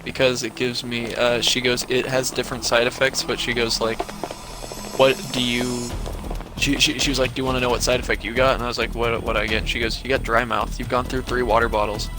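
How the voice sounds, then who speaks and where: A man's voice: mid-range voice, flat delivery, fairly quick, over music, low-quality recording. A man streaming live, telling a casual, profane story full of quoted back-and-forth.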